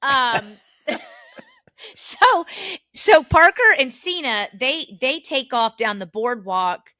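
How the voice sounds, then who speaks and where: Bright-voiced woman telling stories. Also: sits high, slow, no room sound, studio quality. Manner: animated storyteller, laughs often. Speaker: podcast co-host. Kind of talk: casual family chat.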